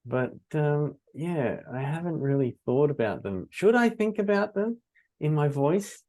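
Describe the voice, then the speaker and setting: Slow, hesitant man in his forties. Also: fairly high pitch, expressive, a little mellow. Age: 40s. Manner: hesitant, lots of ums and restarts. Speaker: podcast co-host, data scientist. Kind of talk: casual conversational chat.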